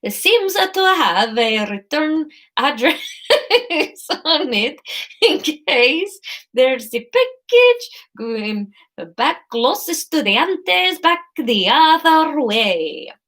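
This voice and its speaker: A woman's voice: sits high, very animated, fairly bright tone, voice pushed up, heavily acted. A woman putting on a hammy fake Spanish courier. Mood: hammy disguise. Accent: put-on Spanish. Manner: slow, drawn-out, hammy disguise voice. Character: female courier faking a heavy Spanish accent.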